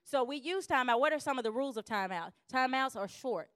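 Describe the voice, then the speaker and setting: A woman giving a lively church teaching on conflict, acting out quarrels in quick voices. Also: high-pitched, smooth, no echo, clean studio sound.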